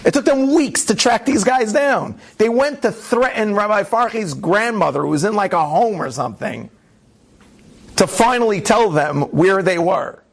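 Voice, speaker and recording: Man, rabbi, storytelling talk, gravelly voice, somewhat high pitch, animated. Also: moderate pace. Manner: animated, conversational, acts out the quotes.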